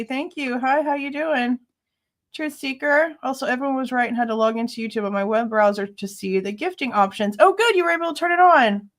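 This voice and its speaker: A woman's voice: sits high, fairly bright tone. Chatty woman greeting livestream viewers. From Ohio. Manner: chatty, greets viewers by name, laughs often. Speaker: livestream host. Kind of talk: casual livestream chat.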